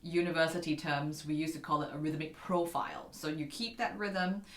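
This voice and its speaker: A woman's voice: deep voice, steady tone, moderate pace. A woman giving a casual piano lesson, chatting with viewers as guys and scatting rhythms aloud. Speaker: piano teacher. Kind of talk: casual online keyboard lesson. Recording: echoey room with piano.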